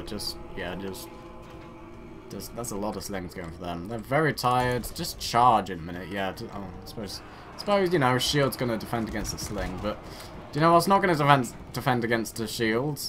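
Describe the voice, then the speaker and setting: A man's voice: lowish voice, lively intonation, normal speed, fairly bright tone, a little hiss or hum. A man giving rambling, self-mocking commentary while playing a strategy game and talking to his units. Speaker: gaming channel host. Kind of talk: let's play commentary.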